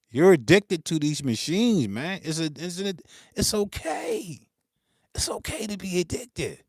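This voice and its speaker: A man's voice: sits high, very animated, measured pace, creaky, a little mellow, slightly rough, no echo, studio quality. A man, ranting unscripted to camera about music gear, swearing freely, laughing and mimicking his critics. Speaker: beatmaker hosting his channel.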